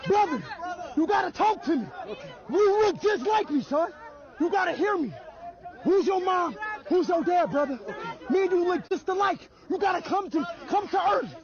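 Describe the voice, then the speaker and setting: A young man with a very high voice, shouting over and over in an excited streamer's patter. He stands on a busy street with a dense crowd around him. The audio is muffled and dull. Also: normal speed. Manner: loud, excited, repeats himself, often shouting. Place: busy city street outdoors.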